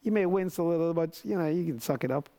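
A man preaching a sermon in an earnest, conversational way, with many restarts and lively quoted prayers. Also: on the high side, fast.

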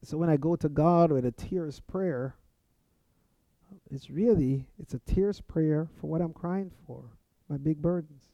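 Speaking at a measured pace in a fairly high voice, a man earnestly delivers a sermon-like lesson about prayer and acts out example prayers. The audio is dry, dull, and lo-fi.

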